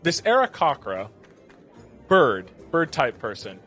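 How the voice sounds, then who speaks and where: A man's voice: fairly high pitch, wildly swooping pitch, takes it slowly, sharp tone, soft background music. A man narrating as game master, describing scenes in a rambling, laughing way with casual swearing.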